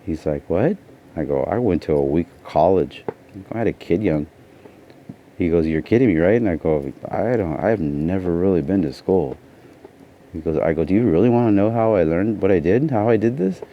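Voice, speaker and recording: A tired man with a fairly low voice tells his story in a loose, rambling way, leaning on "you know" again and again. The recording is dull and lo-fi, with faint noise behind him. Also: expressive, normal speed. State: tired from lack of sleep. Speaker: vlogger. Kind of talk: casual personal storytelling.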